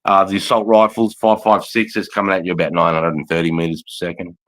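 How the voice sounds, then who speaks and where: A man's voice: low voice, little pitch movement, quick pace, a bit bright, rough recording. A man with an Australian accent hosting a live stream, talking bluntly and rambling with lots of swearing. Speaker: livestream host, veteran. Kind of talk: casual live commentary.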